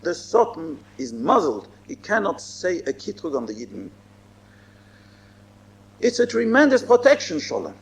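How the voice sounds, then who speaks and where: A man's voice: sits high, sing-song, moderate pace, pauses often. A man giving a Torah lecture as a rabbi, emphatic and repeating his phrases. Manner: emphatic, repeats phrases, mixes in Hebrew and Yiddish terms.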